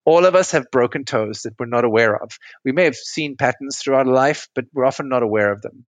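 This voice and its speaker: A man talks in a conversational interview, laying out his ideas patiently and often reaching for a metaphor to make a point. His voice sits at an ordinary middle pitch, and the recording is close and dry with no room sound. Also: fairly quick, no room sound. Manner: explains patiently with metaphors, asks if it makes sense. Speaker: relationship coach, podcast guest.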